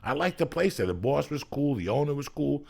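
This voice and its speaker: A man's voice: fairly high pitch, fairly quick, vocal fry. A middle-aged man hosting a podcast, telling profane stories in casual chat. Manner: profane, animated storyteller. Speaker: podcast host.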